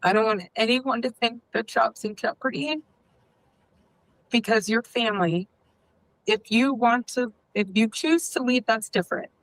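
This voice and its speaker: A woman speaking to her staff on an internal call, halting and emotional with many fillers. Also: fairly high pitch, no room sound, low-quality recording. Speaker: leader addressing staff.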